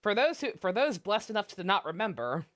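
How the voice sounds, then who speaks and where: A woman's voice: medium pitch, sing-song, fairly quick. A young woman streaming a game, chatting casually, swearing and laughing often. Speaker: let's play streamer. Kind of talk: game commentary.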